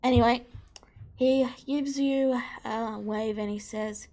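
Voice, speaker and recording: A woman's voice: a little high, steady tone, slow, warm tone. Easygoing woman game master. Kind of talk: narrating a tabletop game.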